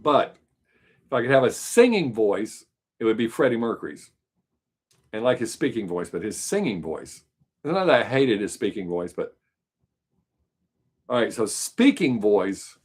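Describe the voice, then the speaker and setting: A man's voice: on the low side, sing-song, moderate pace, pauses often, slightly rough. A man with a mild Southern US accent hosting a live stream, chatting casually with viewers in a loose, rambling way. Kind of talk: casual chat answering viewers.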